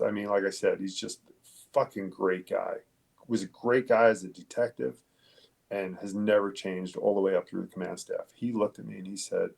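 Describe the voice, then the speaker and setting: Man, police detective, low voice, gravelly, husky, blunt, swears freely, interview storytelling. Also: a little mellow. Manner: blunt, profane, emphatic. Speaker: police detective, podcast guest.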